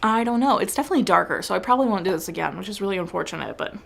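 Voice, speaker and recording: A young woman chatting to camera as a film-review vlogger, gushing and animated with quick asides. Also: mid-range voice, creaky. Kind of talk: casual chat to camera.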